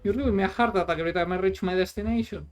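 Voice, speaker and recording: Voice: medium pitch, very fast, music in the background. Rambling, sarcastic streamer. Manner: rambling, sarcastic, swears freely. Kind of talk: casual gameplay chat. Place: at home, playing a truck game.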